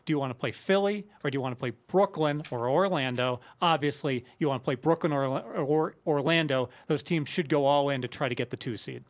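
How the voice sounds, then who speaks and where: A man with a somewhat high voice, giving sports betting picks on a talk show. He lays out his reasoning plainly and matter-of-factly. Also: a little fast, few pauses.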